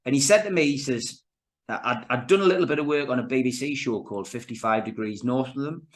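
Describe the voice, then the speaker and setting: A middle-aged man chats as a podcast guest, spinning stories with lots of stops and restarts. His voice sits at a middle pitch for a man. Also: quick pace. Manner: animated storyteller with many restarts and fillers. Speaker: guest, actor and filmmaker. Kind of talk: casual interview chat.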